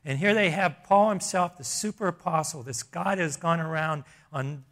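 Pastor guy giving a sermon, bit higher voice, earnest and chatty, keeps restarting. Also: normal speed, a bit bright. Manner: earnest, conversational preaching with frequent restarts.

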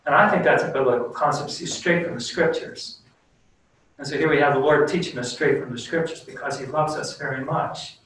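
A man's voice: medium pitch, fairly quick, a bit bright. A man preaching a sermon as pastor in an earnest, conversational, plain-spoken way, then leading a prayer. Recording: very echoey room, distant mic, faint background noise.

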